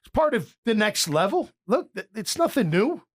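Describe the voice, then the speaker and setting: A man's voice: sits high, very animated, moderate pace. A middle-aged American man hosting sports talk radio, rambling and opinionated with frequent restarts.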